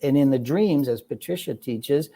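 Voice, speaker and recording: A man's voice: mid-range voice, normal speed, mellow. A man being interviewed as a guest, explaining his ideas in a reflective, conversational way. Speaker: guest, children's book author.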